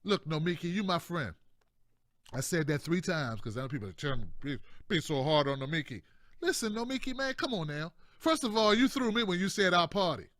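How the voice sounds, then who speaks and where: A man's voice: on the high side, very animated, a little fast, fairly bright tone, no echo. A man hosting casual political commentary, talking in a slangy, repetitive, chatty way with frequent laughs.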